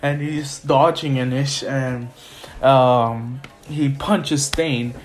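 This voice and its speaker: A man's voice: mid-range voice, steady tone, very slow, soft background music. A man casually telling a fan-made story, rambling, with many fillers and restarts.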